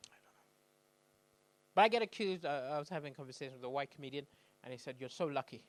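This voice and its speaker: A man from Malawi performing a stand-up comedy set in a club, telling stories animatedly and acting out shouting characters. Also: a little high, lively intonation, fast, no room sound.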